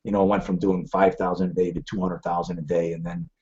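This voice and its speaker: A man's voice: low-pitched, level tone, quick pace, a little mellow. A middle-aged man hosting a live trading webcast, drifting from one story to the next. He restarts his sentences often and rambles freely. The audio is dull and lo-fi. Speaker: trading show host.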